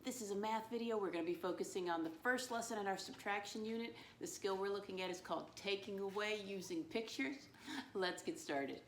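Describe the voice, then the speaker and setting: Woman, grade-school teacher, patient, teacherly, spells words slowly, room echo, faint background noise. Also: mid-range voice, distant mic. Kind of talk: recorded classroom lesson for young children.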